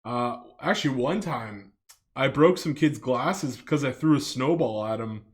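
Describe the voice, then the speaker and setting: A Canadian man at medium pitch and an unhurried pace gives loose, casual commentary for his video. It's full of fillers and restarts, with some swearing thrown in.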